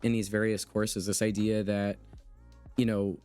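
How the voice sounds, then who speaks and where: A man's voice: on the low side, flat delivery, unhurried, darkish tone, clear, resonant tone, faint music behind. Earnest, emphatic young man hosting. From United States. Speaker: podcast host. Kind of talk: casual conversation, reading chat comments.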